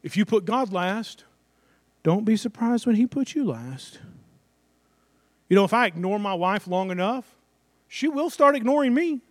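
High-voiced man preaching a conversational sermon. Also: expressive, a little slow, pauses often, no echo. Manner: conversational preaching with acted-out asides and rhetorical questions. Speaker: pastor.

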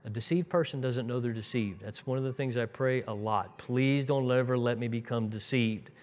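A man preaching a conversational sermon, retelling Bible scenes in an animated way and acting out the voices in them. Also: mid-range voice, normal speed. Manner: animated, acts out quoted voices, chuckles, restarts sentences. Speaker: preacher teaching the congregation.

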